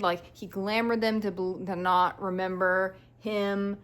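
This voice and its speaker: A young woman vlogging her reading reactions, chatty and animated, full of "like" and playful mock quotes. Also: mid-range voice, measured pace, hardly any pauses. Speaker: book vlogger. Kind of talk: casual reading reactions to camera.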